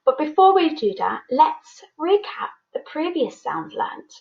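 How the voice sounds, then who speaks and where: On a lo-fi recording, a woman with a high-pitched, gravelly voice teaches phonics to children. The primary school teacher is slow and sing-song, gently urging the kids to repeat the sounds after her.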